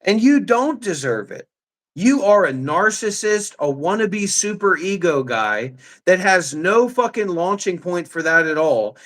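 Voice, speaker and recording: A man's voice: high voice, big pitch swings, unhurried, fairly bright tone. A man in his thirties ranting heatedly on a livestream, hurling accusations and reading chat messages aloud. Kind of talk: heated live commentary.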